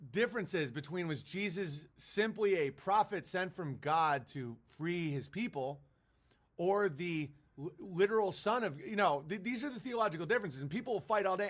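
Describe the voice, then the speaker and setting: A man's voice: high-pitched, animated, moderate pace, fairly bright tone. A man streaming a profane, mocking rant, breaking into sarcastic impressions. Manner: mocking, profane, jumps into sarcastic put-on voices. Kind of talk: profane ranting monologue.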